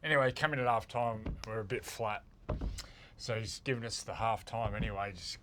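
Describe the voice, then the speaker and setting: A man with an Australian accent, co-hosting a rugby league show and telling animated stories with laughter. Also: on the low side, moderate pace, vocal fry, slight background noise. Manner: laughs through animated anecdotes. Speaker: co-host. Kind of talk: casual storytelling.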